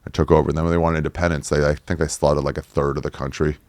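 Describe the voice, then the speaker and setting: A middle-aged man with a very low voice, chatting loosely as a podcast guest. He spins travel stories, drops in curse words and acts out what others said to him. The sound is close and dry, with no room around it. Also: very fast, no echo. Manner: animated storyteller who swears and acts out other people's lines. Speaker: podcast guest, touring comedian. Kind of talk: casual chat, storytelling.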